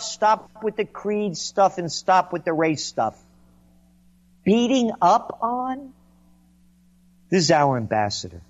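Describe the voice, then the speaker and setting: A man on a sarcastic political rant, his voice sitting a little high and swooping all over the place. He sounds mocking and indignant, and the recording is dull and lo-fi. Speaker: commentator.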